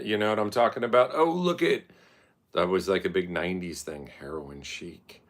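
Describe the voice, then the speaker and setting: A man's voice: sits low, normal speed. A man, telling profane, rambling, self-mocking stories as a casual streamer.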